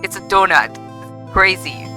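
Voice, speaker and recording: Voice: mid-range voice, lively intonation, measured pace, poor audio. A streamer giving casual, chatty commentary while playing a game, often exclaiming and breaking off mid-sentence. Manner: chatty, exclaiming, self-interrupting. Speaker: live streamer. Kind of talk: casual let's-play commentary. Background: game music.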